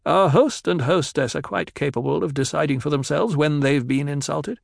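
A man voicing a calm, commanding male ecologist who talks in a cool, lecturing way in a storybook reading. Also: on the high side, normal speed, vocal fry, dry recording, studio quality, voice pushed up.

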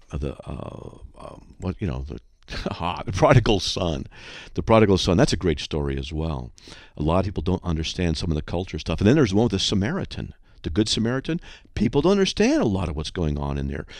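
Man, radio host, emphatic, very lively pitch swings, dry close sound. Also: no room sound. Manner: animated, emphatic, acts out dialogues. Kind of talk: radio talk on Bible study.

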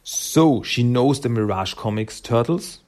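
A man's voice: medium pitch, expressive, a little slow, a little mellow. A man casually recapping a comic book, chatty and often laughing, acting out the characters' lines as he goes. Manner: chatty, laughs often, retells scenes with quotes.

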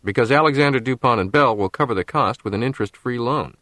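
A man's voice: mid-range voice, fast, pushed and bright, no room sound, pitched above the performer's own voice, lightly acted. A man voicing an earnest young male law graduate with a light wry edge.

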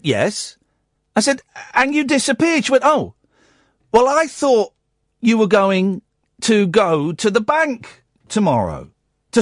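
A radio host tells a story, acting out his phone calls with both voices. His voice sits high and swings widely, with a husky grain. The sound is close and dry, with no room around it. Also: no echo. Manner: animated, acts out both sides of phone calls. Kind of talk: storytelling on a talk radio show.

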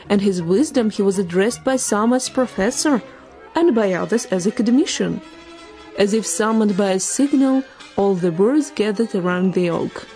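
A woman narrating a storybook tale in a measured, expressive reading. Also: mid-range voice.

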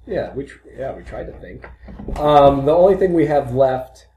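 A man's voice: mid-range voice, lively intonation, normal speed, warm tone, a little hiss or hum. A man co-hosting a podcast, chatting casually about sports with dry, self-mocking humor. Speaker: podcast co-host. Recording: roomy echo.

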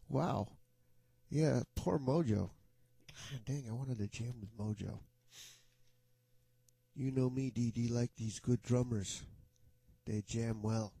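A man hosting an online music jam, chatting casually in a rambling, halting way with frequent restarts and chuckles. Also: mid-range voice, gravelly, warm tone, slightly rough, dry recording. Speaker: online jam session host. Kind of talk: casual chat.

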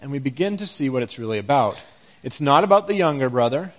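Man, preacher, sermon, reflective questioning tone, medium pitch. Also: lively intonation, quick pace. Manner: reflective, questioning the congregation, dramatic scripture reading.

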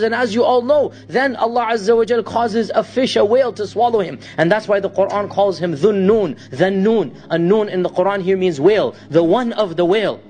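A man's voice: high-pitched, moderate pace, few pauses, darkish tone. A man preaching a sermon, telling a story dramatically and reciting Arabic verses between his English lines.

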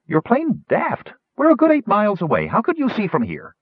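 A bossy, fussy old gnome with a high, shrill voice that swoops up and down , as a man puts him on for an audiobook. He talks in a grand, declaiming way. The recording is dry and a little dull. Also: wildly swooping pitch, normal speed, slightly rough, dry recording, full character voice.

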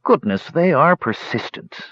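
A man's voice: a little high, very animated, measured pace, a bit bright, no room sound, pitched above the performer's own voice, heavily acted. A man voicing a teasing, unflappable older male kender in a dull lo-fi recording. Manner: dry, teasing.

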